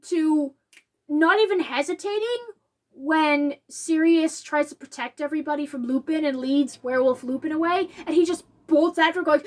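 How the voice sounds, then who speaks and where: A woman giving a casual, emotional reflection on a film. She talks animatedly and gets choked up. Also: moderate pace. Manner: animated, acts out quotes in a higher voice. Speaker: video essayist.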